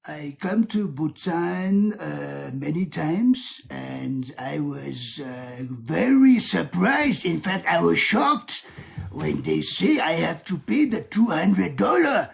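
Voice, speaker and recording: A woman voicing a flustered male French tourist with a French accent, speaking very slowly with many halting pauses. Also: low-pitched, big pitch swings, creaky, heavily acted. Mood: indignant. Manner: very slow, halting, full of pauses.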